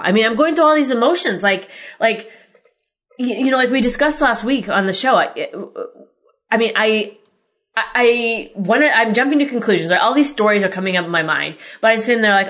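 A woman's voice: fairly high pitch, moderate pace, fairly bright tone. A woman hosting a podcast, telling a personal story in a candid, exasperated way and swearing freely. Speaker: podcast host.

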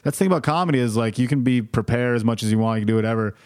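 A man's voice: medium pitch, racing, a little mellow. A man, a comedian, chatting casually about his gigs in a loose, self-deprecating and profane way. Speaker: comedian guest. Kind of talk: casual chat.

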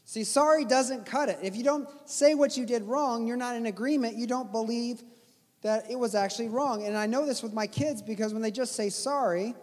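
A man with a high speaking voice preaches an earnest sermon, driving his points home through repetition. His words ring out with a long reverb, as in a large hall. He sounds like a pastor exhorting his congregation. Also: a little mellow. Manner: earnest, exhorting with repeated phrases.

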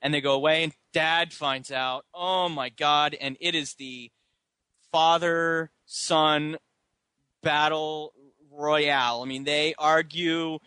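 A man with a bright, fairly high voice co-hosts a casual movie podcast. He races through plot recaps and now and then jumps into goofy character voices. The sound is close and dry, with no room echo. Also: fairly even intonation, slow, smooth. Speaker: podcast co-host.

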